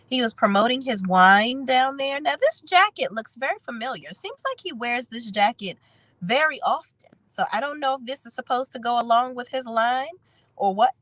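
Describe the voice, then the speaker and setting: A woman's voice: fairly high pitch, fairly bright tone, dry recording, rough recording. A woman reviewing a reality TV episode in chatty, sassy casual commentary, her voice nasal and congested from a cold. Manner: chatty, sassy, talks straight to viewers.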